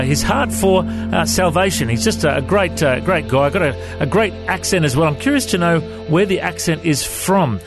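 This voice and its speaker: A male host with a fairly high voice opens an interview show. He talks in a friendly way, pausing on fillers, while guitar music plays clearly behind him.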